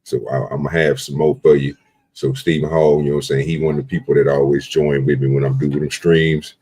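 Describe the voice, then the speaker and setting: A man's voice: rumbling low, little pitch movement, a little fast, warm tone, breathy edge. A man hosting a live stream, chatting in a laid-back, rambling, slangy way. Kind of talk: casual live stream chat.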